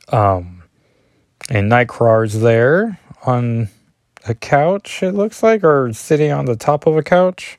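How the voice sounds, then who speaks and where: A man's voice: fairly high pitch, darkish tone, no room sound, clean studio sound. A man chatting through a comic issue page by page, filling the talk with "like" and self-deprecating asides. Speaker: comic book vlogger. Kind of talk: casual comic reading and commentary.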